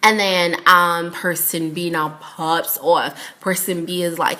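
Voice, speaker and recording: A young woman telling a casual storytime vlog, animated and laughing as she acts out everyone's lines. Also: low voice, normal speed, roomy sound. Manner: animated, quotes people in voices, laughs a lot.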